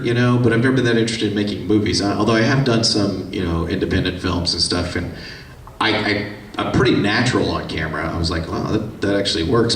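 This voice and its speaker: A man, telling chatty stories on a convention panel and taking audience questions, acting out quoted voices as he goes. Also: fairly low pitch. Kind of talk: casual storytelling with audience questions. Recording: echoey room, distant mic, faint hiss.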